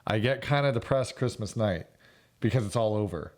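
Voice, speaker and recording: A man's voice: fairly low pitch, animated, normal speed. A middle-aged man co-hosting a podcast, chatting casually, laughing often and joking crudely. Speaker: podcast co-host. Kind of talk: casual chat.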